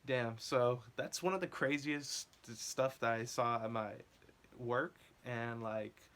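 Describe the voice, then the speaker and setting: A young man tells a story straight to his audience in a casual, rambling way. He piles up filler words and laughs between his sentences. His pitch sits in an average middle range. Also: steady tone, slow, a bit bright. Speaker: vlogger.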